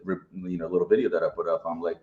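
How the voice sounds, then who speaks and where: Speaking fast and emphatically in a casual interview, a middle-aged Ukrainian man who collects sneakers keeps adding "right?". His low voice has a flat delivery, recorded with roomy, dull sound.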